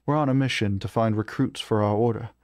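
A man voicing a cocky, sharp-tongued male halfling adventurer with a smug, mocking tone. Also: lowish voice, fairly even intonation, a little fast, no echo, studio quality, lightly acted.

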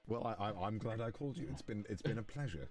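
A man, a voice actor, chatting casually with animated, laughing asides between comedic calls. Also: fairly low pitch. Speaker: voice actor making prank calls.

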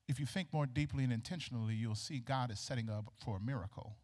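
A man preaching a sermon in a church, animated and colloquial, acting out the dialogue of the people in his story. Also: mid-range voice, fast, hardly any pauses. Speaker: pastor. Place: church sanctuary. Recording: long reverb of a large hall.

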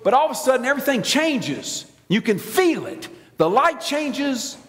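A man with a Southern American accent from Alabama, preaching a sermon as an animated, theatrical storyteller. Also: very high-pitched, normal speed, faint music behind. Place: large church sanctuary. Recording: long church reverb.

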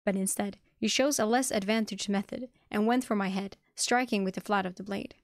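An intense young man hurls accusations at a rival, voiced by a woman reading an audiobook. His delivery is loud and pressing, with a mid-range voice. The sound is dry and close to the mic. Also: mid-range voice, fairly even intonation, fairly quick, no echo, close to an everyday voice. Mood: accusing.

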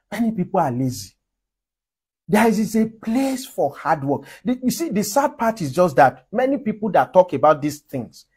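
A man's voice: sits high, slightly rough. A man from Nigeria preaching a sermon, emphatic, with frequent laughs between his points.

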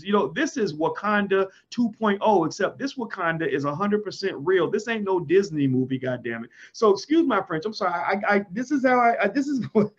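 A man with a fairly high, husky voice delivers a fiery monologue. He talks emphatically and keeps leaping into loud, high bursts. The recording sounds dull and lo-fi. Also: animated, fairly quick. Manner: emphatic, swings into sudden loud highs. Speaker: commentator. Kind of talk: impassioned monologue.

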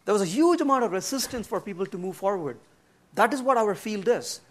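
Casting: middle-aged man, very high voice, animated blunt conference lecturer. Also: a little fast. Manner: animated, emphatic, answers bluntly with humor; acts out quoted dialogue in changed voices. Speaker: conference speaker. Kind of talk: workshop lecture with audience questions. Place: conference room.

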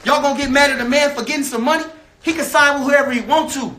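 Guy from a fighter's camp going off, super high bright voice, keeps repeating himself. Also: quick pace. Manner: fiery, repetitive, trash-talking. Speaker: member of a boxer's camp. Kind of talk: heated rant to camera.

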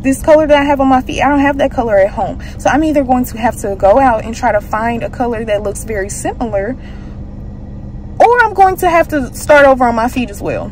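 A young woman vlogger, telling a story in an animated, indignant way that rises sharply in pitch. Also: fairly quick, a little hiss or hum, poor audio. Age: young adult. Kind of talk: casual vlog storytime.

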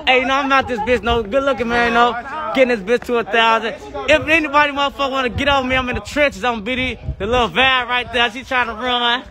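A man's voice: extremely high pitch, fairly even intonation, quick pace, crowd noise. A young man hosting a phone livestream outdoors on a city block, using hyped, profane street slang to push his viewer count up. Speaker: livestream host. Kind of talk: casual livestream chat.

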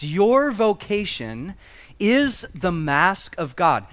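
A man's voice: fairly high pitch, very animated, measured pace, a bit bright. A man preaching a conversational sermon as pastor, with humorous asides and rising emphasis.

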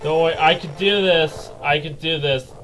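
An excitable man with a high voice gives running let's play commentary, yelping and laughing at his mishaps. Faint music plays in the background. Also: normal speed, poor audio. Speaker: gaming video creator.

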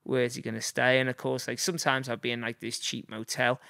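A Scouse guest in his forties from Liverpool, England, tells casual stories in a rambling way, packed with fillers and acted-out voices. His medium-pitched voice is sharp with vocal fry, moves little in pitch, and runs a bit fast, captured in studio quality with no echo.

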